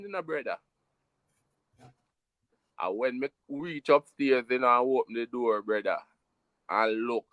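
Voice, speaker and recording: A man with a Jamaican accent tells a story in patois, animated and emphatic. His voice sits at an ordinary pitch for a man, and the recording is close and dry, with no room sound. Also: dry recording. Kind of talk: casual storytelling chat.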